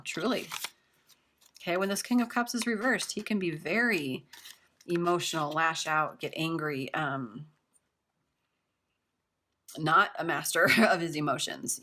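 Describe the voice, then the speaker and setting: Low voiced young woman doing a chatty tarot reading, reassuring, lots of "like"s. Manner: chatty, warm and reassuring, filler-heavy. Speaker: tarot reader.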